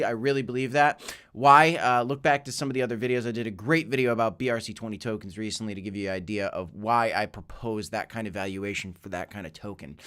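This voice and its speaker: A man's voice: medium pitch, a bit bright. A man hosting a live crypto show from his home office, upbeat and joking as he chats with viewers. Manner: upbeat, joking, chatty asides. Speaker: crypto livestream host. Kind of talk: live market commentary reading viewer chat.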